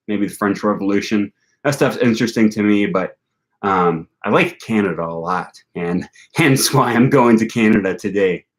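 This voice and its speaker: A young man from Wisconsin, talking casually in a vlog, rambling with lots of fillers and restarts. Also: lowish voice. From Wisconsin, United States. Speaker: language vlogger.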